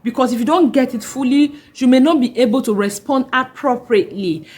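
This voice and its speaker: An earnest woman host of a parenting podcast, speaking in a slightly raised pitch. She teaches with emphasis and repeats her key advice to drive it home. Her delivery stays steady and instructive. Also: fairly quick, slightly rough, poor audio. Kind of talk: instructional talk.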